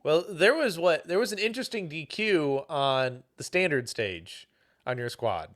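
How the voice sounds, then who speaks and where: A man's voice: fairly high pitch, expressive, measured pace, a bit bright. A man hosting a podcast, easygoing, asking questions and backing the guest with frequent "mm-hmm"s. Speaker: podcast host. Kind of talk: casual podcast chat.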